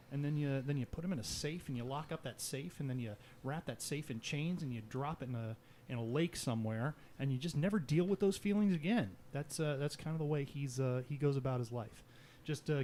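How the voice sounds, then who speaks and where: A man's voice: mid-range voice, darkish tone, slight background noise. A man casually introducing his tabletop game character, rambling with many fillers. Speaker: tabletop player.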